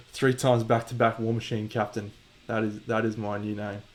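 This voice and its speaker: Laid-back Australian man, low voice. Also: level tone, moderate pace. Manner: laid-back, joking, mock-boastful, swears casually. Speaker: streamer painting miniatures. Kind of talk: casual live-stream chat to viewers.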